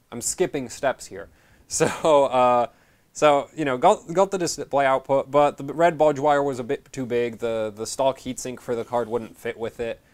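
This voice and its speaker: A man hosting his channel, explaining a repair in a casual, rambling way, correcting himself often and dropping dry sarcastic asides. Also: mid-range voice. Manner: rambling, self-correcting, many fillers. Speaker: channel host.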